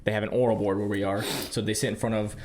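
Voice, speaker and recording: A young man co-hosting a podcast, telling a story in casual chat, animated and quick to laugh as he acts out quotes. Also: fairly low pitch, a little hiss or hum. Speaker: podcast co-host, police field training officer.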